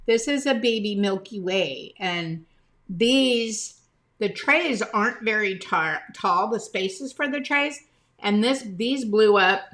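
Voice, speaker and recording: A woman's voice: mid-range voice, slow, fairly bright tone. A woman hosting a casual live stream, chatting to viewers by name as she holds items up to the camera, sometimes talking with her mouth full.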